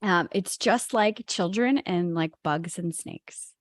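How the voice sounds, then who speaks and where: A woman's voice: on the low side, takes it slowly, dry recording. A woman co-hosting a spiritual podcast, telling a story in a chatty way with lots of fillers. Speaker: podcast co-host.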